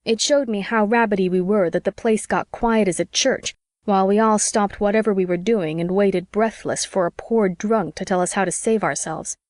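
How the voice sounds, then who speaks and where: A woman narrating an audiobook in the first person, in a clear, even telling. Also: mid-range voice, moderate pace, dry recording, studio quality.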